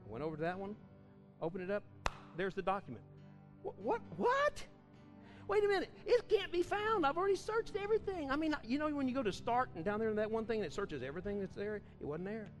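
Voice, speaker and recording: A man preaches a church sermon in a high, fervent voice. He swings from loud, ringing outbursts to quiet, chatty storytelling. Faint music plays behind him. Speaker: pastor. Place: church service.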